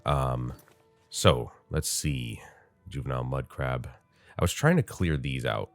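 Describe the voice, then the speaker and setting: A man with an extremely deep voice hosts a relaxed gameplay session, sounding congested as he rambles and thinks out loud. Faint game music plays quietly behind him. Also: unhurried. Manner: rambling, chatty, thinks aloud with many fillers. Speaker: gaming channel host. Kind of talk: casual gameplay commentary.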